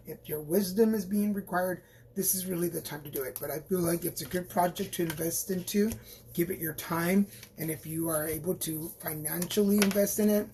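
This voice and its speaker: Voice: mid-range voice, a little mellow, a little hiss or hum. A tarot reader doing a live-stream reading for viewers, chatty and rambling, with frequent restarts and playful asides, encouraging and reassuring, recorded on a phone.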